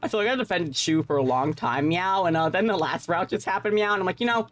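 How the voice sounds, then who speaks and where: A woman's voice: lowish voice, animated, fast talker. A woman streamer giving playful, profane live gameplay commentary, tacking "meow" onto her sentences. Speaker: game streamer.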